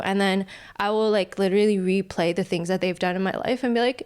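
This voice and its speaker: A woman talks as a guest in a relaxed podcast chat. Her voice sits in an ordinary middle range. She is thoughtful, often laughs, and quickens when she tells a story. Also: medium pitch, smooth. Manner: reflective, laughs often, speeds up when retelling stories. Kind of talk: casual chat.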